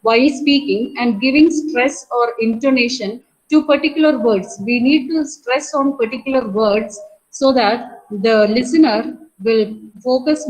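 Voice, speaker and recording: A woman's voice: on the high side, low-quality recording. Woman lecturer explaining with many restarts. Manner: explains with many fillers and restarts, repeats key points; asks students questions and praises answers. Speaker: college lecturer. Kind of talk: online class lecture.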